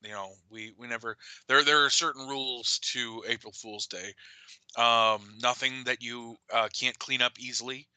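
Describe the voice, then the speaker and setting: Bright-voiced man telling a lively story. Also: mid-range voice, normal speed, clean tone, no room sound, rough recording. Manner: animated storytelling with laughs. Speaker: co-host. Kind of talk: casual chat.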